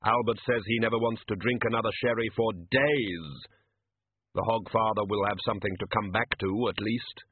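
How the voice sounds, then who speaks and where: A man voicing Death, a solemn skeletal figure who speaks in slow, measured pronouncements. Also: lowish voice, steady tone, breathy edge, dry recording. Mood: grave. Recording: narrow phone-like sound.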